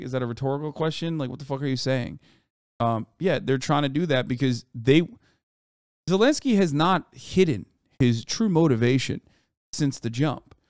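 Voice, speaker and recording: A man streaming live, reacting to news with profane, animated commentary and talking back to his chat. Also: medium pitch, dry recording, studio quality. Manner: reads quotes aloud quickly.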